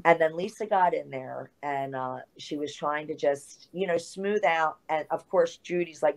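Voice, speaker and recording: A middle-aged woman, a former wrestler, telling a lively anecdote as an interview guest, full of asides and fillers. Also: sits low, unhurried, hardly any pauses. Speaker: guest, retired pro wrestler. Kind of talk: storytelling in an interview.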